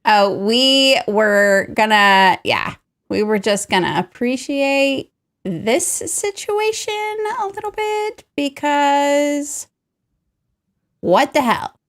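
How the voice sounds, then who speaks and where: A woman's voice: sits high, expressive, slow pace, a bit bright. A woman hosting a casual chat over a video call, hesitant with stammering restarts. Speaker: host.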